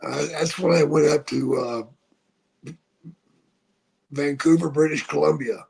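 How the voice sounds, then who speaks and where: A man's voice: a little high, fairly even intonation, a little mellow. An older man, a retired wrestler, telling profane stories in a casual podcast chat. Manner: slow, gravelly, profane storytelling.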